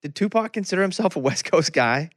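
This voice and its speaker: A man's voice: high voice, lively intonation, brisk, no echo, studio quality. A male podcast host asking loose, conversational questions, often circling and restarting as he works out what to ask. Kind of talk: casual interview chat.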